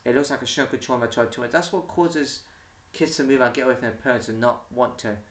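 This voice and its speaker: A man's voice: medium pitch, fast talker. A man rants to camera as a vlogger, rambling with rhetorical questions and many restarts. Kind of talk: ranting monologue. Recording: echoey room, distant mic.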